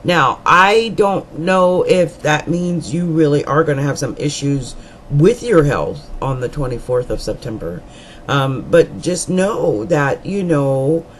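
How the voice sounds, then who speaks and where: Lively, rambling woman astrologer. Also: deep voice, slow pace, a little hiss or hum, low-quality recording. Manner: rambling, colloquial and chatty, with asides and jokes; repeats words for emphasis. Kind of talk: monthly horoscope reading to camera.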